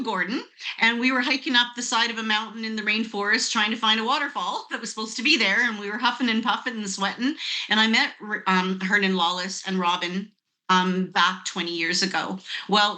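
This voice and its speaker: Bright-voiced woman telling a lively story. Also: medium pitch. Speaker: network marketing guest. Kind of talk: storytelling on a video call.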